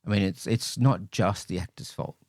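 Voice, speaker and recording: A man's voice: lowish voice, fairly even intonation, normal speed, a little mellow, no room sound, clean studio sound. A man co-hosting a podcast, chatting casually about a bad movie in a wry, rambling way that keeps correcting itself. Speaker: podcast co-host. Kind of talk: casual movie review chat.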